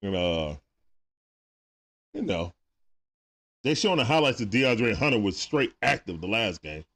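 On a live sports watch party stream, a man with a lowish, slightly bright voice talks with viewers in a very animated but unhurried way. Despite a sore throat, he greets them one by one using laid-back slang.

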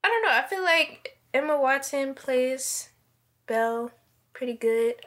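A woman co-hosting a casual podcast, blunt and profane, often pausing and searching for words. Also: high-pitched, lively intonation, fairly bright tone. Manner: unhurried, blunt, profane, hesitant with fillers. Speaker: podcast co-host. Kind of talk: casual chat.

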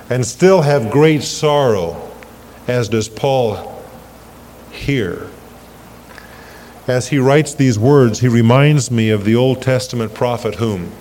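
Man, preacher, slow deliberate delivery, swells on quoted verses, long reverb, faint background hiss. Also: mid-range voice, mellow. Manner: emphatic, slows down and swells on scripture quotes, asks the congregation questions. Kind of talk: sermon. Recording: long hall reverb with faint ambient noise, 1980s church recording.

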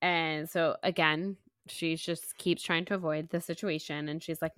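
A woman's voice: deep voice, fairly even intonation, a little slow, fairly bright tone, clear, resonant tone, no echo, clean studio sound. A woman co-hosting a book club podcast, chatting casually as she retells a chapter, peppered with "like". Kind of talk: casual chat.

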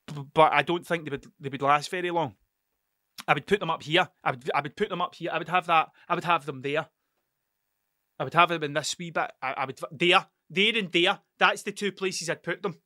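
A man's voice: fairly high pitch, animated, a little fast, pushed and bright, no echo, studio quality. Sweary Scottish man rambling. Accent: Scottish, Ayrshire. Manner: sweary, digressive, restarts mid-sentence. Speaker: podcast host. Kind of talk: rambling solo storytelling.

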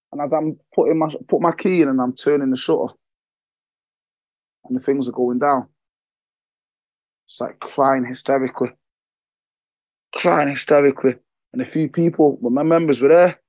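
A man from England with a fairly high voice, recorded with no room sound and the highs cut off, appears as a podcast guest. A fitness coach, he tells candid, emotional stories, swearing freely and repeating phrases for emphasis.

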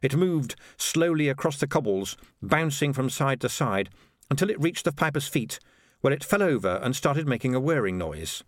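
Man, audiobook narration, animated pitch, dry close studio sound. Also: normal speed, no room sound. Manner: lively, expressive storytelling. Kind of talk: scripted narration.

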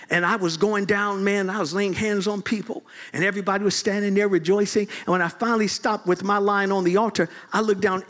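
High-voiced, animated preacher. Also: male voice. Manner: animated, swings from low asides to high shouts, laughs often. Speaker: bishop, preacher. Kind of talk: lively storytelling sermon. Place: church service before a congregation.

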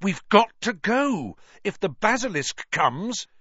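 A man doing Harry Potter, a frantic high boy. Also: huge pitch swings, normal speed, dry recording, muffled recording, heavily acted. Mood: urgent. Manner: desperate, pleading, urgent. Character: frantic young schoolboy wizard, boy of twelve.

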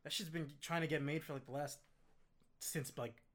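A man's voice: on the high side, steady tone, normal speed. A man in casual chat, wry and loose, swearing freely and poking fun. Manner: casual, swearing, mocking voices.

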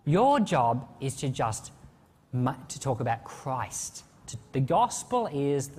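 A male preacher delivering a sermon in a lively, chatty style, his voice swinging widely up and down. He sits at a middle pitch, and the sound carries the long reverb of a church hall. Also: slow, slight background noise. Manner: animated, conversational preaching.

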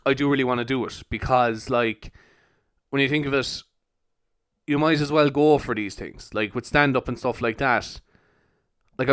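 Young man, casual podcast host, rambling, smooth clear voice, dry close sound. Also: mid-range voice, fairly bright tone, no room sound. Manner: rambling, laughs often, heavy use of fillers. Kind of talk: casual solo podcast rant.

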